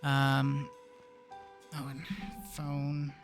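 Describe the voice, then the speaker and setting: A man's voice: mid-range voice, monotone, extremely slow, vocal fry, over music. A young man casually commenting while playing a puzzle game, thinking aloud and muttering to himself. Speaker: gaming video creator. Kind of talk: casual let's play commentary.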